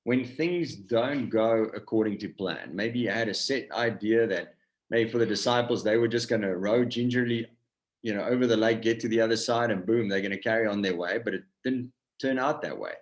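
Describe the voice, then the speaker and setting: A man's voice: lowish voice, moderate pace. A South African man giving a casual Bible lesson over a video call, conversational with lots of fillers, asking his group questions. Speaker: campus ministry leader.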